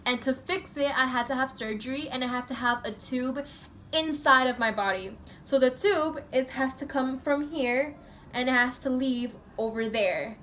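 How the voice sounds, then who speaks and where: A woman's voice: high-pitched, moderate pace, fairly bright tone, slight background noise. A woman from the USA telling a personal story in a casual vlog, rambling and chatty, full of fillers. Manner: chatty, rambling, heavy use of filler 'like'. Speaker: vlogger.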